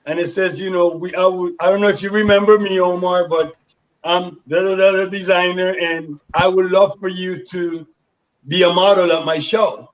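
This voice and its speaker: A man's voice: sits high, fairly even intonation, moderate pace. A man in his sixties from Panama, a guest telling his life story in an interview and acting out the voices of the people in it. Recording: dull lo-fi sound.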